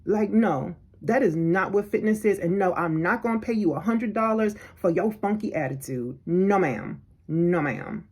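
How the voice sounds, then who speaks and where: A woman vlogger telling a personal story in an animated, indignant way, acting out what people said. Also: mid-range voice, moderate pace, few pauses, husky. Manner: animated, indignant, acts out quotes. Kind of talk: storytelling vlog.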